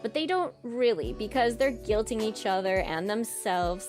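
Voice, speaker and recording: A woman's voice: mid-range voice, expressive, unhurried, few pauses, darkish tone, soft background music. A woman in her twenties recounting her old character's story in a casual vlog, sarcastic and rambling with lots of "like".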